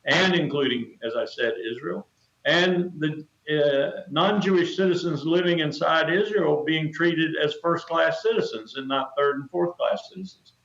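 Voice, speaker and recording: An older man giving a remote news interview as a guest, speaking in an emphatic, measured way and repeating phrases for stress. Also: fairly high pitch, creaky, fairly bright tone, reverberant, dull audio. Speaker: interview guest, retired colonel.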